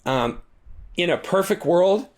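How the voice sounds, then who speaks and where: Animated man telling a story, slightly high. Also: takes it slowly. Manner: animated, acts out quoted lines with shifting pitch; talkative, frequent restarts and asides. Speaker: guest author. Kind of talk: casual interview storytelling.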